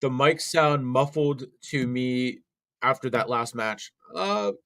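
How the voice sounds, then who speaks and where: A man's voice: mid-range voice, animated, slow, vocal fry, a bit bright. A young man co-hosting a wrestling watch-along stream, rambling through live commentary with many fillers and restarts.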